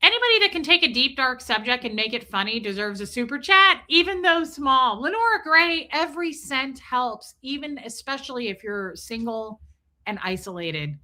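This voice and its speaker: A woman's voice: high-pitched, expressive, normal speed, bright, forceful tone. A woman hosting a casual livestream, chatting bluntly with plenty of swearing and thanking her viewers by name. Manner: blunt, profane, chatty, reads and thanks viewers' super chats. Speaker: livestream host. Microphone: streaming mic.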